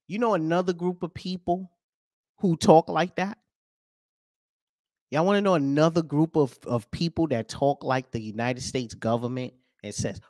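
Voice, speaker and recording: A man hosting a podcast, ranting over news clips with profanity and rhetorical questions, swinging between loud and soft. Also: on the high side, moderate pace, dry recording, studio quality. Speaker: podcast host.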